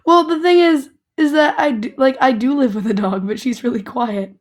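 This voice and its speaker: A young woman player, hoarse from a cold, chatting in an apologetic, fretful way. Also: sits high, fairly even intonation, normal speed. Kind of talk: casual podcast chat.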